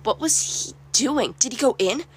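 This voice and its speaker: A woman's voice: high-pitched, animated, normal speed, breathy edge, heavily acted. A woman reading the part of a nervous young female tree nymph in a storybook, speaking hesitantly with small stammers. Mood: worried.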